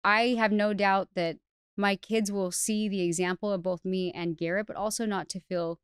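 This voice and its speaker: A woman's voice: mid-range voice, fairly even intonation, normal speed, smooth, no echo, studio quality. A woman guest on a podcast, telling her personal story candidly in a chatty way, with lots of "like" fillers and restarts. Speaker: podcast guest, hairstylist educator.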